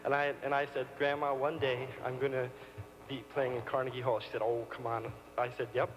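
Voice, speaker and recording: A man's voice: medium pitch, little pitch movement, brisk, muffled recording. A man performing live on stage, coaxing the audience into a sing-along with a childlike manner. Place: large concert hall stage. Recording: live concert hall recording with long reverb.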